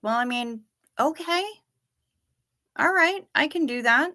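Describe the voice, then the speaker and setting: A woman's voice: high voice, animated, slow pace, bright, forceful tone. A woman hosting a livestream from home, chatting casually with viewers in a rambling way and trailing off often, a little sleepy and yawning. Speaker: livestream host. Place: at home, in her chair.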